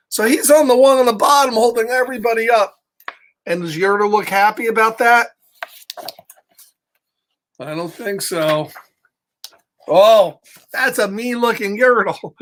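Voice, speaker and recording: Slow, chatty man reading to kids. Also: high voice, fairly bright tone. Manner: friendly, chatty, asks the listeners questions. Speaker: storyteller for children. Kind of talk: reading a storybook to kids, chatting between pages.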